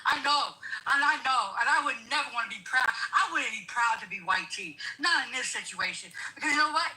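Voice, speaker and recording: A woman's voice: sits high, animated, a little fast, pushed and bright, low-quality recording. A woman giving emphatic, preachy political commentary, repeating her points again and again. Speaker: guest commentator. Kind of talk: heated political talk.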